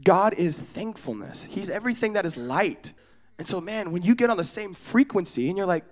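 A young man from Oregon preaching in a casual, storytelling way, animated and acting out the voices in his stories. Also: high-pitched, moderate pace. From United States, Oregon. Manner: casual, often asks "you know what I'm saying?". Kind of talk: storytelling sermon.

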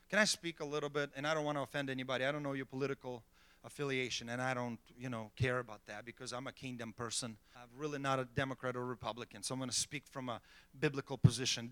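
A man's voice: medium pitch, bright, forceful tone, dry recording. A middle-aged man preaching a sermon as pastor, emphatic, checking in with the congregation with repeated "okay?" and "amen.".

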